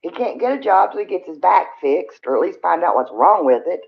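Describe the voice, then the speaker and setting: Gravelly woman venting. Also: fairly low pitch, lively intonation, a little fast. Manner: rambling, venting, frequent sighs. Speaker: livestream host. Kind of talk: casual livestream chat with viewers. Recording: dull lo-fi stream audio.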